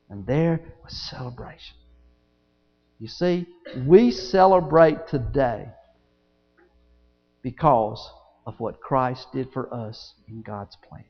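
A man preaching a sermon, telling folksy stories and acting out both sides of the dialogues. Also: medium pitch. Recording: dull lo-fi sound with long church reverb.

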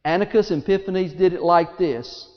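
A man preaching a sermon to a congregation, with big swings in pitch and loudness and many rhetorical questions. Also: moderate pace. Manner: speaks to the congregation directly, asks rhetorical questions. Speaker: pastor. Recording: dull audio in a large reverberant hall.

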